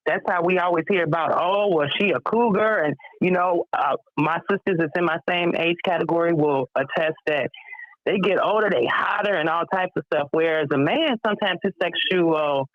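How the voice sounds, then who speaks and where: A middle-aged woman with a Chicago accent calls in and speaks frankly and thoughtfully, pausing often on fillers. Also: on the low side, dry recording. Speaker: caller. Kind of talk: casual chat. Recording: muffled phone line.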